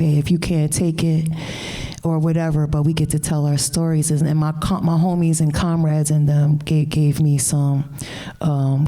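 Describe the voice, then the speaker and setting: At a live event, a woman poet and co-editor performs spoken-word verse in a deep, mellow voice. Her rhythmic, chant-like delivery breaks into loose, profane banter.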